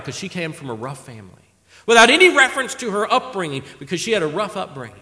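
A man preaching a sermon, animated and emphatic, acting out conversations as he teaches from scripture. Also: fairly high pitch, fast. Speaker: preacher teaching a Bible passage. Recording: long reverb of a large hall.

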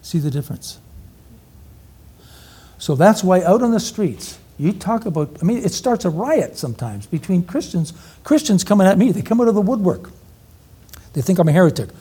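Energetic preacher quizzing his audience. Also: high voice, normal speed, breathy edge. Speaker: preacher, evangelism teacher. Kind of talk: interactive teaching sermon.

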